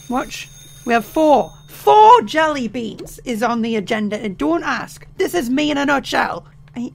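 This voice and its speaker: A young man with a sore, tired voice, chatting jokily as he plays a game and sometimes shouting. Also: very high voice, gravelly, a little hiss or hum. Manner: chatty, jokey, bursts into shouting. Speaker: let's play host. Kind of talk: casual gameplay commentary.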